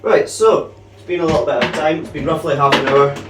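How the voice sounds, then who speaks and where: Recorded from afar with heavy background noise, a reptile keeper talks a little fast in a slightly high, fairly even voice. He's hosting a laid-back vlog, chatting to the camera and affectionately cooing at the large pythons he handles while a bit out of breath.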